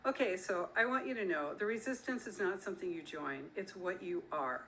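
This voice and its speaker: A middle-aged woman speaks straight to her listeners in an earnest, emphatic way. Her voice sits a little low, yet it sounds bright and forceful, with a faint hum of noise behind it. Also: lively intonation, fairly quick, hardly any pauses, low-quality recording. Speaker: author and activist. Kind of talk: direct-to-camera talk.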